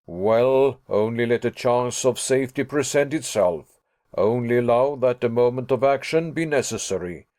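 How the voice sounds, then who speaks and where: A man's voice: mid-range voice, animated, moderate pace, a little mellow, lightly acted. A man voicing a composed older professor who speaks firmly and lectures. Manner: firm, lecturing.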